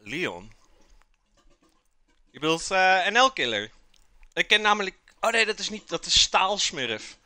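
A Dutch-accented man chats casually through a live cooking stream, talking unhurriedly. His voice is sharp and bright, recorded close and dry with no room sound. He reads out viewers' messages and answers them while he eats. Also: high voice, big pitch swings, unhurried, pauses often, no echo. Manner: chatty, reads out and answers chat while eating; talks with mouth full.

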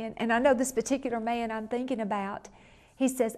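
A woman's voice: fairly high pitch, fairly quick. A middle-aged woman, preaching a sermon and counseling from her own life, telling stories earnestly and acting out the quotes. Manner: earnest, lively storytelling, acts out quotes. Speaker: minister and counselor. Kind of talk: sermon teaching.

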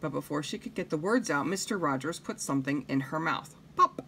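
A woman reading a picture book aloud to children, pausing to comment and ask them questions. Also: deep voice, animated, bright, forceful tone, a little hiss or hum. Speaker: reader.

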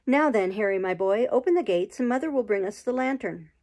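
A woman's voice: medium pitch, expressive, a little fast, close to an everyday voice. A woman reading a kind, cheery cab driver. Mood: gentle. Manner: gentle and decided.

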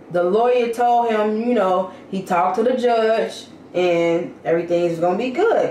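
A woman's voice: mid-range voice, a little mellow, slight background noise. A woman vlogger talking casually and candidly to her viewers, venting about her day. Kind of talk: casual vlog chat. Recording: echoey room, mic at a distance.

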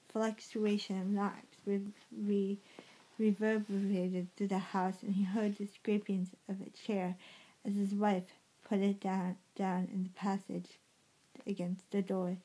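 Woman, storybook reading, mellow dark tone, halting with self-corrections. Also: mid-range voice, poor audio. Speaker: reader.

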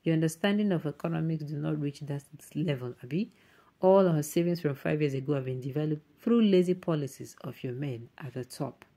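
Low-voiced Nigerian woman hosting news. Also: a little fast, warm tone. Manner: mixes Pidgin asides into emphatic commentary. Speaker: online news host. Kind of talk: reading out and reacting to viewer comments.

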